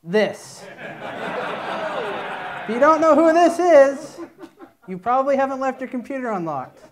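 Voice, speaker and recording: This conference speaker has an extremely high-pitched, expressive voice and talks a little slowly. Speaking in a conference room, he spins a long, meandering joke in a playful way before getting into his presentation.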